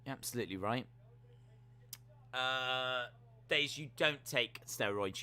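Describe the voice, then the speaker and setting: A man giving jokey live reactions while watching a wrestling show, now and then letting out sudden loud yells. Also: mid-range voice, slow, pauses often, smooth. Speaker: wrestling watch-along streamer.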